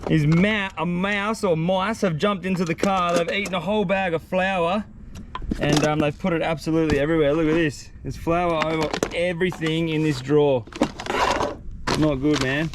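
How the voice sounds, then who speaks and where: Young Australian man, easygoing slangy banter, fairly high voice, roadside wind and traffic behind. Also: steady tone, moderate pace. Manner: laid-back slangy Aussie banter. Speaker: outdoor vlogger. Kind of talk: casual chat to camera. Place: outdoors by a roadside, windy. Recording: outdoor wind and passing traffic noise.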